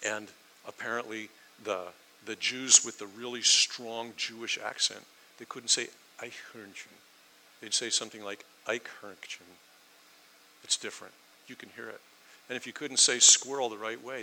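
A man's voice: on the low side, fairly even intonation, moderate pace, creaky, sharp tone, a little hiss or hum, low-quality recording. A middle-aged man preaching a sermon, telling stories with emphasis. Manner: storytelling, emphatic. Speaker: pastor.

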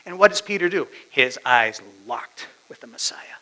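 A male preacher giving a dramatic sermon, swinging from loud declarations down to whispers. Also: mid-range voice, expressive, normal speed, poor audio.

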